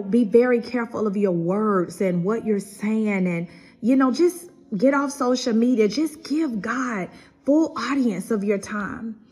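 Husky middle-aged woman, kinda high voice, earnest preachy pep talk. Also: darkish tone. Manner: earnest, preacherly, repeats and restarts phrases. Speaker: podcast host giving encouragement. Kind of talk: casual devotional talk.

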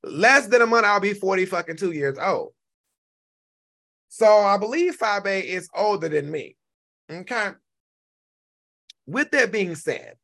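A man in his forties hosting a casual live-stream rant, animated and profane, repeating himself and now and then breaking into shouts. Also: sits high, creaky. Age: 40s. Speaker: YouTube commentary host.

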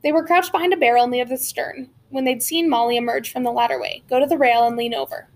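A woman narrating a children's adventure novel as an audiobook, with steady storytelling and occasional slips and restarts. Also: a little high, fast talker. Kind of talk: reading a children's novel aloud.

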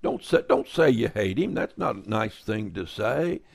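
A man's voice: lowish voice, expressive, moderate pace, creaky. A man teaching a sermon in a conversational way, reading scripture aloud and adding wry, offhand comments. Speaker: Bible teacher.

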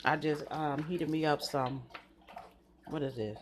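Middle-aged woman host, chatty monologue, lowish voice. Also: fairly even intonation, a little slow, a little hiss or hum. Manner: chatty, addresses listeners as y'all. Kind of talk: casual monologue.

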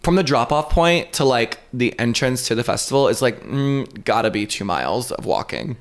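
A man co-hosting a podcast, telling a story in casual chat, animated and full of fillers and swearing. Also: medium pitch, normal speed. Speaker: podcast co-host.

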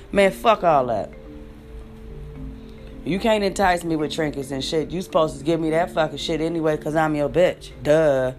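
Brief: young woman vlogger, lowish voice, blunt and foul-mouthed sarcastic rant, faint music underneath. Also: moderate pace, darkish tone. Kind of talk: ranting monologue.

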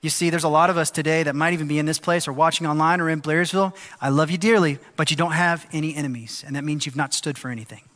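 A male pastor preaching a sermon, animated and lively, often acting out the voices of people in the story. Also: fairly high pitch, fast talker, few pauses. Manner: animated, acts out quoted voices. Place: church sanctuary. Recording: long hall reverb.

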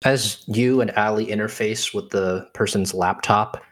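A man narrating as game master of a tabletop game, playful and fond of drawn-out repetition for comic effect. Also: lowish voice, fairly even intonation, a bit bright.

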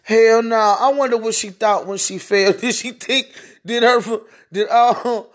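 A podcast host rants alone in slow, drawn-out phrases. The talk is crude and mocking, and the host keeps laughing, often mid-sentence. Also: mid-range voice, steady tone. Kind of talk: solo podcast rant.

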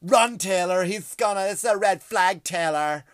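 Brief: a shrill, alarmed young female fan, mocked in a breathless, raised voice, as a male comedian puts her on, dry close sound. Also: unhurried, no room sound.

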